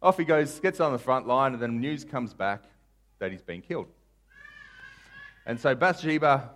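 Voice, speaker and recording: A male pastor delivers a sermon, retelling a Bible story in casual modern language and acting out the characters with big swings in volume. His voice sits at a medium pitch.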